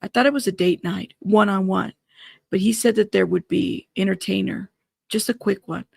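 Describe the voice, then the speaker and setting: Gravelly-voiced woman hosting a live news stream. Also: mid-range voice, normal speed. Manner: reads quotes aloud with startled asides. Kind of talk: live-stream commentary reading court updates.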